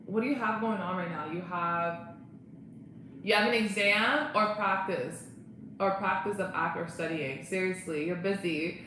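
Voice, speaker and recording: A woman's voice: on the low side, unhurried, sharp tone, slight background noise. A young woman chatting casually on a live stream, bubbly and laughing often as she greets viewers. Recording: very echoey room.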